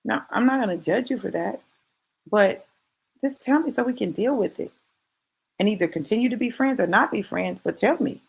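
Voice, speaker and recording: Speaking at a normal speed, a woman with a medium-pitched, creaky, slightly rough voice gives an animated motivational talk. She keeps it emphatic and conversational, talks directly to her listeners, and repeats key phrases to stress them.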